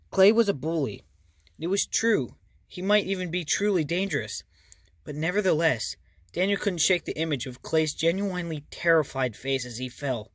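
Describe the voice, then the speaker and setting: A man's voice: fairly high pitch, a bit bright, no echo, clean studio sound. A man reading a children's novel aloud as a hobby reader, earnest and casual. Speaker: audiobook reader. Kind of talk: amateur audiobook reading.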